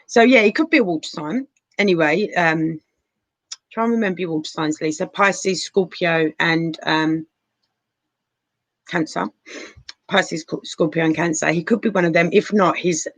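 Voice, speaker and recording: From her sofa at home, a woman with a voice on the low side chats through a live tarot reading at normal speed, leaving long pauses. She calls viewers darling and honey, and the low-quality recording has no room sound.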